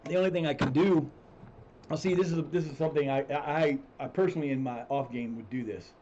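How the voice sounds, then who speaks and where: A man's voice: fairly high pitch, brisk, dark tone, lo-fi sound, slight background noise. Rambling man commentating his football management game. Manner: rambling, restarts sentences, swears when frustrated. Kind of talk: casual gameplay commentary.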